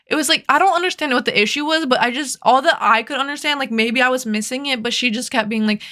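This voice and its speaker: A woman's voice: a little high, fast, few pauses, pushed and bright. A young woman telling a rambling, profane story in a casual storytime chat, full of "like" fillers. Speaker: vlogger.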